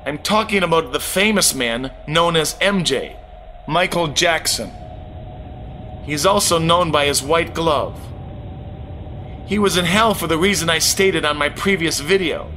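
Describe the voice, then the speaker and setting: A man's voice: a little high, unhurried, bright, forceful tone, a little hiss or hum. A man narrating a first-person spiritual testimony in an earnest, dramatic way.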